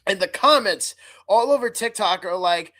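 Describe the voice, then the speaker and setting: A woman co-hosting a casual podcast chat, teasing the others and laughing loudly and often. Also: medium pitch, lively intonation, moderate pace. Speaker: podcast co-host.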